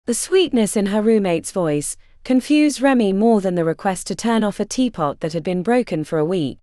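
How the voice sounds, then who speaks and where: A woman narrating a fantasy audiobook in an expressive, scripted reading. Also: medium pitch, normal speed, dry recording, clean studio sound.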